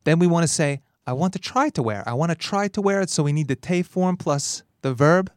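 A man hosting a language lesson podcast, explaining grammar in a lively way, laughing often and acting out dialogue lines. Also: a little high, fairly quick, no room sound, clean studio sound. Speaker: language teacher and host.

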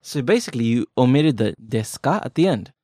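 A man talks through a language lesson in a relaxed, chatty way, joking as he explains and piling on everyday examples. His voice sits mid-range, and the sound is close and dry with no room around it. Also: mid-range voice, fast talker, no echo. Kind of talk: casual podcast lesson.

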